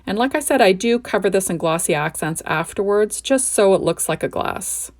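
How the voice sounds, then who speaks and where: A woman's voice: mid-range voice, expressive, normal speed. A woman hosting a crafting tutorial, explaining each step in a chatty, enthusiastic way and often asking "right?". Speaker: crafting video host. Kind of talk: card-making tutorial narration.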